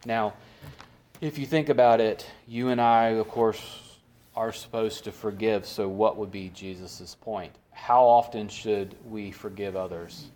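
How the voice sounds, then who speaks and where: Low-voiced man teaching a Bible study. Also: steady tone, unhurried, a little mellow. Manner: asks the group questions and answers them himself.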